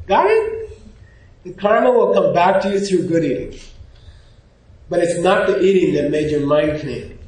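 A man giving an informal, animated lecture, often pausing to check in with his class. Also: fairly high pitch. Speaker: teacher. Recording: very echoey room.

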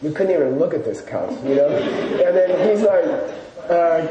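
A man's voice: a little high, normal speed. A man teaching a live audience, chatty and storytelling, with loose fillers, recorded from a distance in an echoey room. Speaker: Buddhist teacher. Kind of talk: casual lecture to a live audience. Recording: echoey room, distant mic, faint noise.

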